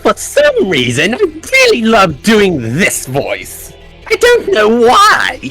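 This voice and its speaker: A man voicing a posh, theatrical male cartoon villain in a grandiose, hammy manner, pitched far above his own voice. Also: wildly swooping pitch, takes it slowly, bright, forceful tone, faint music behind, heavily acted. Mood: gleeful. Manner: grandiose, hammy, sweeping high swoops.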